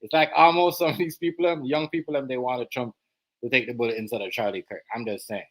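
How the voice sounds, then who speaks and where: A man's voice: mid-range voice, fairly even intonation, fast, a bit bright. A man hosting a live stream, talking loosely and repeating himself while he speaks straight to his viewers. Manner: loose, repetitive, talks to viewers directly. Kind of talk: casual livestream commentary. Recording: echoey room, far from the mic, faint noise.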